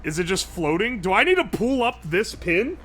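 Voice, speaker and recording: A young man live-streaming, chatting casually and thinking aloud while he tinkers, excitable and swearing a lot. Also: sits high, moderate pace, faint music behind.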